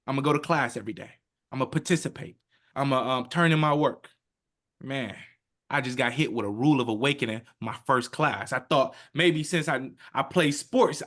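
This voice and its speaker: Animated man in his thirties telling his story. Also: fairly high pitch. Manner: animated, emphatic, acts out quotes in his own voice. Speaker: podcast guest. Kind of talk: emotional personal storytelling.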